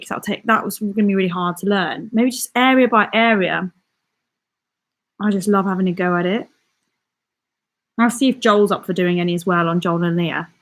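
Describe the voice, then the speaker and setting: A woman's voice: medium pitch, fairly bright tone. A young woman hosting a casual live stream. She reads viewer comments aloud and answers them, often laughing and correcting herself mid-sentence.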